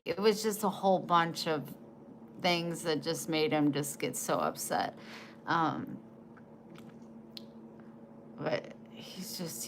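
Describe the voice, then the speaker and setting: A woman in her forties chatting casually to camera, emotional and halting, often trailing off and starting again. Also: lowish voice, steady tone, fairly bright tone, slight background noise. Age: 40s. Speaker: vlogger.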